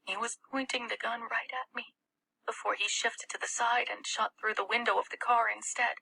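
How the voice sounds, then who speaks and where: Woman narrator putting on a hushed, frightened teen girl; breathy storybook whisper. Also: on the high side, fairly even intonation, moderate pace, pitched above the performer's own voice, full character voice, rough recording. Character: frightened teenage girl confiding quietly.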